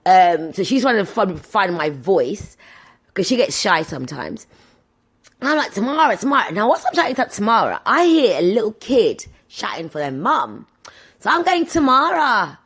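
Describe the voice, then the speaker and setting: Hosting a podcast, a woman in her thirties delivers a casual storytelling monologue at normal speed in a mid-range, slightly breathy voice. She tells her anecdotes with animation, performing the voices of the people in them.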